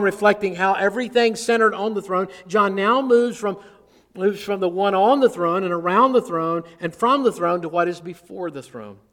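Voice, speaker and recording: High-voiced man preaching in a reverberant hall. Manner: earnest, varies loudness, drops low at phrase ends. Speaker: pastor. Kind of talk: expository sermon.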